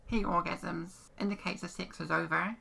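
Gravelly, low-voiced woman co-host. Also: steady tone, normal speed, bright, forceful tone. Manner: easygoing, brief agreeing replies. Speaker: podcast co-host. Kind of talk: casual chat.

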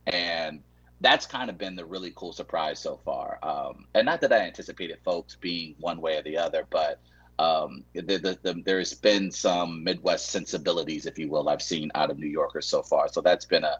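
Very deep husky man on a dull line. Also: normal speed. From Saint Louis. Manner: rambling, restarts phrases, dry humor. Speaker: guest. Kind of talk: casual chat.

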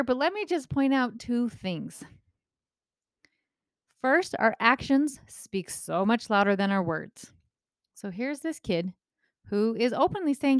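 A woman's voice: dry recording, studio quality. A middle-aged woman parenting coach talking casually and directly to parents, acting out quotes and asking rhetorical questions. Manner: animated, acts out quotes with rising pitch. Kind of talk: casual advice monologue.

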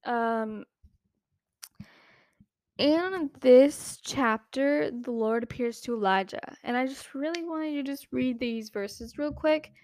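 A woman's voice: sits high, slow, darkish tone, dry recording, studio quality. A woman hosting a podcast, talking casually about a Bible story, chatty and giggly, with lots of "like" fillers. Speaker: podcast host.

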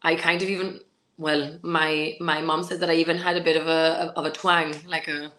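With a deep, slightly bright voice, a Gibraltarian woman in her twenties speaks at a moderate pace in a level tone, and a little hiss or hum can be heard. She's a pageant contestant chatting casually as an interview guest, laughing as she shares stories.

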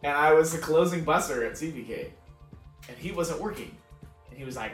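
A young man with a slightly high voice tells a loose, swearing story and laughs his way through it. He sounds set back from the mic in an echoey room. Faint music plays underneath. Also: brisk, recorded from a distance. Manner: laughing often, swearing, quoting himself. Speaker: podcast co-host. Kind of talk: casual storytelling.

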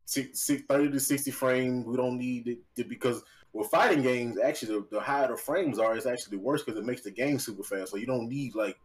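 A man speaking as a guest on a casual gaming podcast. He is animated and joking, with a voice at an ordinary middle pitch. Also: fairly quick, poor audio. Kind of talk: casual chat.

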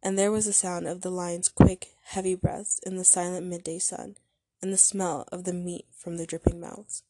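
Narrator, woman, lower voice, mellow tone, reading a story steadily; dry, close sound. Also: flat delivery, normal speed, dry recording. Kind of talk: reading a short story aloud.

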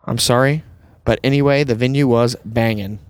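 A man from the American South, hosting a casual podcast chat as a wedding photographer and telling lively anecdotes. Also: mid-range voice, normal speed, clean tone, dry recording. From Southern United States. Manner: chatty storyteller, acts out voices in anecdotes.

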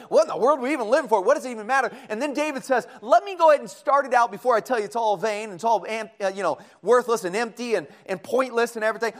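A man preaching a Bible study sermon in a folksy, conversational way, often asking the congregation questions. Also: very high-pitched.

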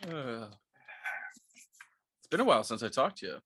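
A man's voice: medium pitch, very animated, normal speed, sharp tone, breathy edge, no echo, clean studio sound. A man co-hosting a podcast in casual chat, rambling through stories with a lot of swearing and laughter. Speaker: podcast co-host.

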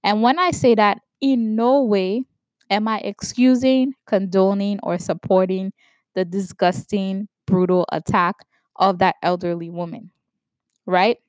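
A woman from New York giving opinion commentary, stressing words slowly and checking in with "right?". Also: medium pitch, darkish tone, no room sound. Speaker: vlogger commenting on news.

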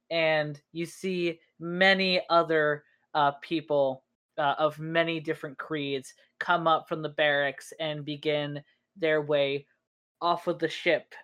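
A woman narrating a tabletop role-playing session as game master, calm and measured. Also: deep voice, clear, resonant tone.

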